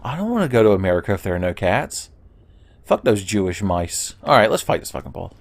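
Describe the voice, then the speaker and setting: A man's voice: on the low side, sing-song, fairly quick, creaky, slight background noise. A man casually commenting over his own gameplay, rambling into joking asides and swearing freely. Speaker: let's play host.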